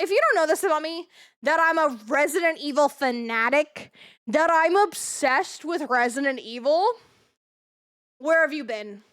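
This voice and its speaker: A young woman streaming live, chatting casually in a rambling, excitable way, swearing freely and repeating herself. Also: sits high.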